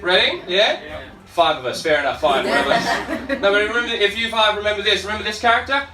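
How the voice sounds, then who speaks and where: A man's voice: high-pitched, lively intonation, a little fast, background noise. A young Australian man in his twenties doing a brash, sweary stand-up set with laughing asides. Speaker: stand-up comedian. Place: comedy club stage. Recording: echoey club from far off.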